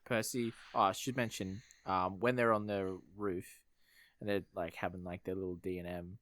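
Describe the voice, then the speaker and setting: A man's voice: low-pitched, flat delivery, moderate pace, a bit bright, no echo, studio quality. A man co-hosting a film review podcast, rambling through a scene recap with many fillers. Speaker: podcast co-host. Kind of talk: casual film review chat.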